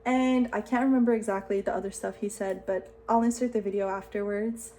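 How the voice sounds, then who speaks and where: A woman in her late twenties, a vlogger telling a story to the camera in a chatty, excitable way, saying "like" a lot. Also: medium pitch, a little fast, slight background noise. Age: 20s.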